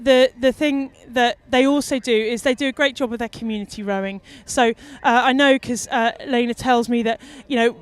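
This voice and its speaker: Bubbly high-voiced woman commentator. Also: normal speed, few pauses. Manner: chatty, excitable, emotional. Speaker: race commentator. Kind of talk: live on-water sports commentary. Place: on a boat on the water, outdoors.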